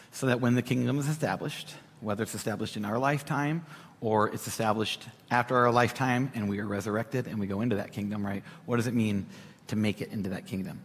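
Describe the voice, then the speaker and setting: A young man giving a conversational sermon as a preacher, animated and talking straight to the congregation with asides. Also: mid-range voice. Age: young adult. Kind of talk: sermon teaching. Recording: hall reverb.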